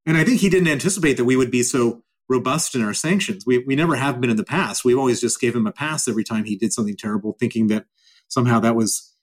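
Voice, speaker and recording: A man's voice: medium pitch, fast. A middle-aged man answering interview questions in a blunt, emphatic way, repeating phrases for stress. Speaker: guest.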